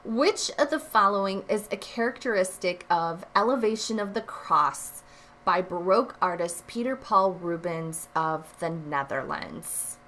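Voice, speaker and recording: Slow, emphatic woman teaching art. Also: medium pitch, lively intonation, a bit bright, slight background noise. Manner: explanatory, leans on emphatic repeated phrases. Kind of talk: recorded test review lesson.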